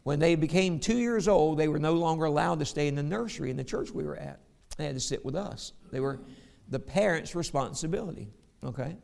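A man's voice: fairly high pitch, lively intonation, fairly quick, gravelly, darkish tone. A middle-aged man preaching a sermon, telling stories and reading scripture aloud. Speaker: pastor.

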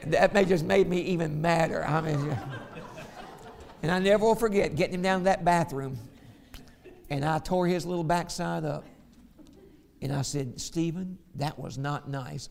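A man's voice: on the high side, moderate pace, vocal fry. A middle-aged man preaching a sermon, telling stories and reading scripture aloud. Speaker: pastor.

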